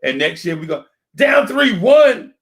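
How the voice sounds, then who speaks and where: A man hosting a sports fan talk stream into a desk microphone. He rants in an animated, repetitive way and keeps yelling the same rhetorical questions. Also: high-pitched, a little slow. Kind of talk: live-streamed fan rant.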